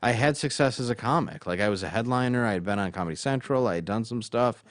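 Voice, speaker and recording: A man's voice: mid-range voice, fast, dry recording, clean studio sound. A man, a stand-up comedian, telling a candid, self-mocking story in casual talk.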